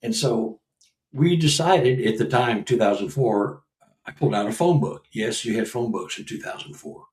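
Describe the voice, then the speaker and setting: A man in his sixties, a guest researcher and author, telling a personal story in a casual conversation, animated and laughing as he acts out what people said. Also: medium pitch, moderate pace, reverberant, recorded from a distance, low-quality recording. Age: 60s.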